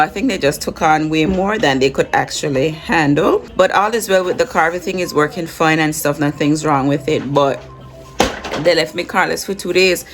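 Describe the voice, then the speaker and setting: A woman, vlogging casually on a phone as she chats and talks to her kids. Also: sits low. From Jamaica, raised in Anguilla. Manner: chatty, rambling, talks to her kids between asides. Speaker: vlogger and mother. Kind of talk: casual vlog chat. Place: in a car, then at home. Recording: vehicle noise in background.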